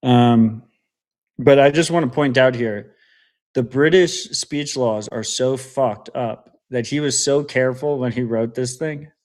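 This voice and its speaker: A man's voice: mid-range voice, measured pace, a little mellow. Casual man co-hosting a podcast. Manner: hesitant, restarts with filler words. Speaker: podcast co-host. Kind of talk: casual chat.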